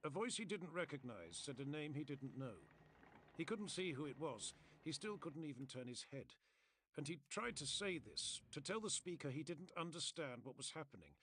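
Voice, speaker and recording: Man narrating a story with a lively voice. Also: on the high side, normal speed, a little hiss or hum. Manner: steady, descriptive storytelling. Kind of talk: storybook narration read on a stream.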